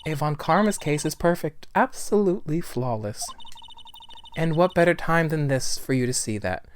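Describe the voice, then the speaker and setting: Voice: mid-range voice, expressive, moderate pace, a little hiss or hum, pitched above the performer's own voice, lightly acted. A player voicing an arrogant, ruthless older male prosecutor in a let's-play, reading the lines in a haughty, theatrical way. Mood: smug. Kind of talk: game dialogue read aloud in a let's-play.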